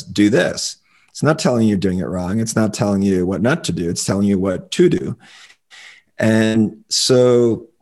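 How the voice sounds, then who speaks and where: A man talking as a relationship coach on a casual podcast, explaining his views in an opinionated, relaxed way. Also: lowish voice.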